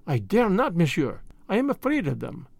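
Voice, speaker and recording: A frightened young French maid, as a male narrator puts her on, speaking soft, broken English in a lifted, lilting voice. Her French accent is plain, and she sounds hesitant and timid. The recording is dry and close, with no room sound. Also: high-pitched, wildly swooping pitch, normal speed, vocal fry, dry recording, exaggerated voice. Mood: fearful. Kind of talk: audiobook character voice.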